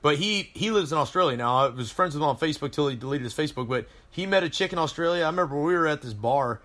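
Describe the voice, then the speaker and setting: A man's voice: fairly high pitch, animated, fast talker, a bit bright. Rambling, profane Marine veteran man. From Colorado, USA. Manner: rambling, profane war-story telling. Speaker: podcast guest, Marine veteran. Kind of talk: casual chat.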